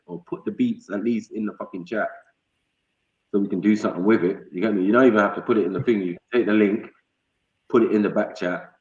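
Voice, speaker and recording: A man's voice: lowish voice, a little mellow. A man hosting a livestream, chatting casually in slang and freestyling. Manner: slangy, laid-back, repeats "you get me". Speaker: livestream host. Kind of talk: casual chat and freestyle rap. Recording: roomy, dull lo-fi stream audio with faint music.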